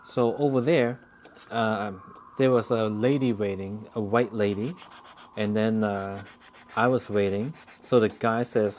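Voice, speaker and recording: A man's voice: on the low side, moderate pace. A man doing casual work commentary on a hobby project, rambling and joking between mumbled remarks about the work. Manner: rambling, joking storyteller who mutters while working. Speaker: watch hobbyist. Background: faint sanding and rubbing.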